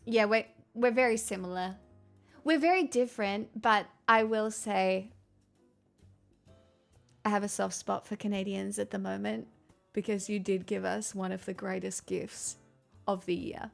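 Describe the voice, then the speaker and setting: A woman's voice: mid-range voice, fairly even intonation, unhurried, vocal fry, pauses often, soft background music. A young Australian woman streamer chatting casually, rambling and swearing freely. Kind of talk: casual livestream chat.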